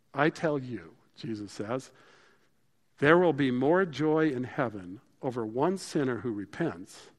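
A man preaching a sermon in a casual, conversational way, growing animated and then dropping to a hushed voice for emphasis. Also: medium pitch, long reverb tail. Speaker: pastor.

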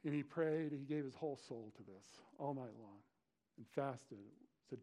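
A male pastor giving a conversational sermon, retelling scripture with lively slang asides. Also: medium pitch, moderate pace. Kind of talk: expository sermon.

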